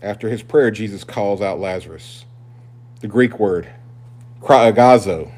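Speaking unhurriedly in a low-leaning voice, a male pastor delivers a sermon to his congregation. He preaches emphatically, moving between loud, forceful declarations and quiet, confiding asides.

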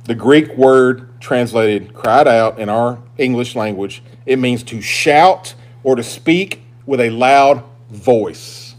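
A man's voice: mid-range voice, slow, few pauses. Emphatic preacher man. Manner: emphatic preaching, swinging between loud and hushed. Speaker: pastor. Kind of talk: sermon.

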